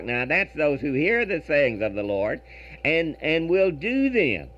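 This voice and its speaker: A man preaching over a radio broadcast, earnest and reading scripture in a measured cadence. His fairly high voice rises and falls with animation. The recording sounds dull and lo-fi, like an old broadcast. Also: very animated. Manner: earnest, reads verse in measured rhythm, repeats words.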